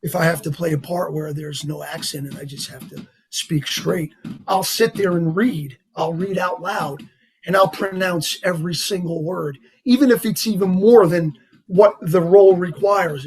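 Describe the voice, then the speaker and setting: A man with a heavy New York accent, talking as a guest in a casual interview, animated and rambling with lots of "you know" and "like". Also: on the high side, moderate pace, slightly rough. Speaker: actor guest.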